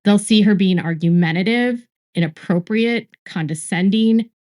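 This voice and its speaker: Woman commentator in a played clip, recounts gossip from sources, slow and repetitive. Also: medium pitch, darkish tone. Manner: lists traits slowly, repeats words for emphasis. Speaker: online commentator.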